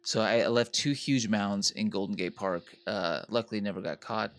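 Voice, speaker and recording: A man's voice: fairly low pitch, normal speed, fairly bright tone, dry recording. Podcast co-host, young man, blunt crude storyteller, dry sound. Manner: crude storytelling, lots of swearing. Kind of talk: casual chat.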